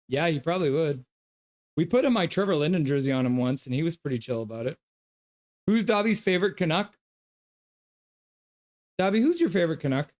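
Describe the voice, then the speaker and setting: A man with a somewhat high voice hosts a casual live stream. He reads out viewer comments and calls the plays loosely as they happen. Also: a little mellow. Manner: gives loose play-by-play; coos at his dog. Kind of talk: casual live game reaction and chat reading.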